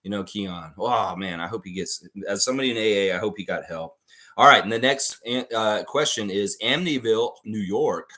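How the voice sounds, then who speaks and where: A man hosting a live trivia stream in a casual, excitable way, reading out chat names and answers. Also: fairly low pitch, fairly quick. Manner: excitable, breaks into loud whoops and laughs, reads chat names.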